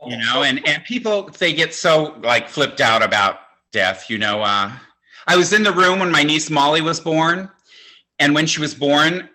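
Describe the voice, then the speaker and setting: Bright-voiced older man doing stand-up. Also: fairly high pitch, lively intonation, unhurried. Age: 60s. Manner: campy, conversational, self-mocking delivery. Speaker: stand-up comedian. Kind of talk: stand-up comedy set. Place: home, virtual show.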